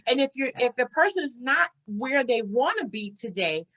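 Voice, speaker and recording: A woman hosting a podcast interview, talking in an animated, chatty way with quick bursts and frequent laughs. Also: high-pitched. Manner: animated, talks fast, laughs often. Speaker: podcast host. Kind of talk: casual interview chat.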